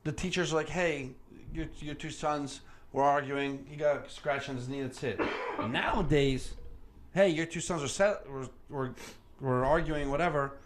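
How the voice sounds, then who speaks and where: Animated man telling a story in a roomy room. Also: a little high, normal speed. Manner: animated storyteller, swears freely, acts out quoted voices. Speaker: podcast host. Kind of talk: casual chat. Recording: roomy sound with faint background noise.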